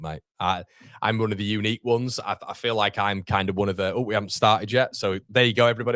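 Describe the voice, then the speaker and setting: A man's voice: on the low side, a bit bright, no echo, clean studio sound. A young man hosts a live football watchalong. He chats casually, reads viewer comments aloud and calls people mate. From Yorkshire, England. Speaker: watchalong streamer.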